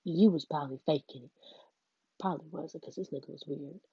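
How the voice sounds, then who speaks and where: A woman's voice: sits low, brisk, breathy edge, dry recording, dull audio. A young woman telling a candid, profane story in her bedroom, bluntly and with laughs. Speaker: vlogger. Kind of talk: casual storytime vlog.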